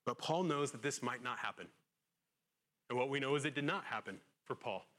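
A man preaching a sermon as pastor, earnest, rising louder on rhetorical questions and dropping low and hushed on solemn lines. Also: brisk.

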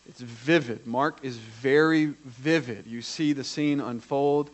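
A man preaching a sermon, acting out quoted voices and swinging from hushed to loud. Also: mid-range voice, a little slow. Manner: dramatic, acts out the quoted voices.

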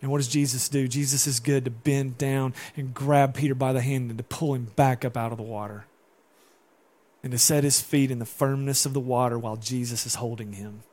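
A man's voice: mid-range voice, fairly even intonation, brisk, a little mellow. A male pastor preaching a sermon, moving between rising emphatic passages and conversational asides to the church.

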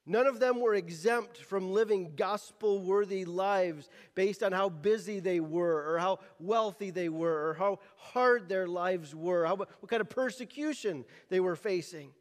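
High-voiced preacher man in a reverberant hall. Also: a little slow. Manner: drops the g at word ends; repeats words while finding his phrasing. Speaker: pastor. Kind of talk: sermon.

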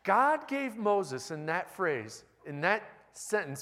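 A man's voice: sits high, sing-song, slow, hardly any pauses, fairly bright tone. A male pastor giving a conversational sermon with wry, self-deprecating humor. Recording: long reverb of a large hall.

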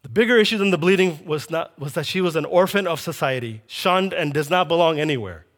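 A man's voice: a little high, animated, a little fast. A man preaching a sermon, telling a scripture story with animation and acting out the quoted lines.

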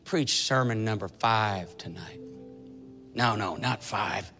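A man in his sixties voicing a sly male devil who taunts him in a low, hushed voice that fades to a whisper. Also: takes it slowly, soft background music, full character voice. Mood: taunting.

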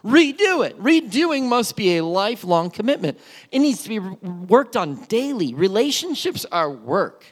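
A man preaching a sermon as pastor, animated and playful, with storytelling asides. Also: high voice, unhurried. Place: church sanctuary.

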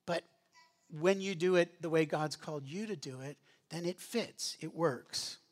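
A man's voice: a little high, measured pace. A man preaching a sermon in an earnest, conversational teaching manner, often restarting his phrases. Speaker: pastor.

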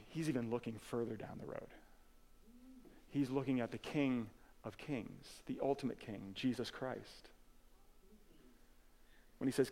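A man preaching a sermon as pastor, earnest and conversational, with casual asides and restarts. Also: mid-range voice. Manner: earnest, swings from emphatic to soft and quiet.

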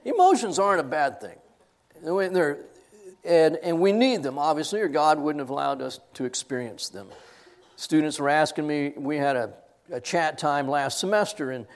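An older man with a voice on the high side teaches students from a Bible passage, sermon style, at a moderate pace. He's animated, laughing and choking up as he tells his stories in this classroom sermon.

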